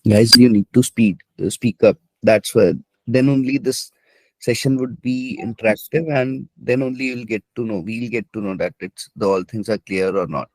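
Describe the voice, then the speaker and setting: A man's voice: medium pitch, moderate pace, darkish tone, no room sound, low-quality recording. A man moderating an online class, urging the participants to speak up or type in.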